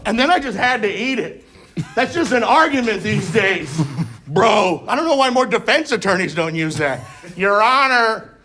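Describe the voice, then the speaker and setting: A young man doing stand-up, telling punchy anecdotes that break into sudden loud outbursts. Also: sits high, very animated, moderate pace, slight background noise. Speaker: stand-up comedian. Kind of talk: stand-up storytelling.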